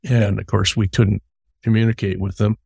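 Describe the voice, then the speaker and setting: A middle-aged man hosts an interview podcast in a lowish, gravelly, darkish voice with a breathy edge, little pitch movement, and a moderate pace. The clean studio recording has no room sound, and he tells long stories in a conversational way, repeating words as he starts his sentences.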